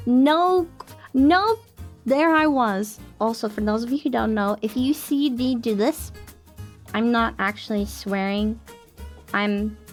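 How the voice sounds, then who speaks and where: Casting: upbeat young woman streamer, high voice, self-mocking chatter, faint music underneath. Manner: bubbly and self-mocking, laughs often. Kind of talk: casual chat.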